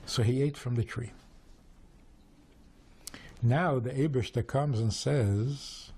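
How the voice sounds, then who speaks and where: A man teaching Torah through storytelling, animated and full of rhetorical questions. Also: mid-range voice, slow, long pauses, breathy edge. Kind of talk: storytelling lesson.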